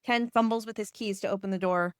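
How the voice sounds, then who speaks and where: A woman's voice: medium pitch, steady tone, a little fast, clean tone, dry recording. Give me a woman reading stage directions plainly, dry and close. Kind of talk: scripted narration.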